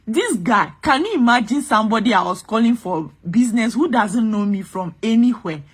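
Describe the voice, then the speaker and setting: A woman's voice: a little high, animated, moderate pace, breathy edge. A woman from Ghana with a Ghanaian accent, speaking in an angry, impassioned vlog rant and repeating her points with emphasis. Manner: exasperated, emphatic, repeats herself. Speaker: vlogger.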